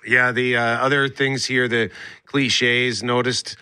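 A man hosting a radio talk show, relaxed and casual, reading out survey findings. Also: medium pitch, slow pace, smooth, dry recording. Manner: relaxed, reads survey results aloud.

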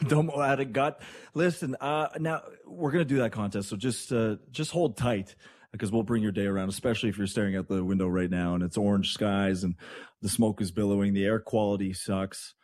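A man from Canada hosting morning radio, talking in a chatty, rambling way with excitable asides. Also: lowish voice, fairly quick, no echo. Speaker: radio host.

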